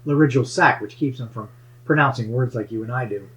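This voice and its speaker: A man's voice: medium pitch, brisk, a bit bright, poor audio. A man musing about hidden bases and strange sightings in a wandering, conspiratorial way. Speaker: paranormal investigator, show regular. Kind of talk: casual chat.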